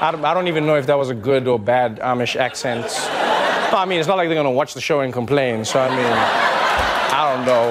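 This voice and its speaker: A man hosting a satirical late-night comedy show, delivering jokes in an animated style with laughing asides. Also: medium pitch, quick pace, over a noisy crowd. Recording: studio audience laughter and noise behind. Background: audience laughter.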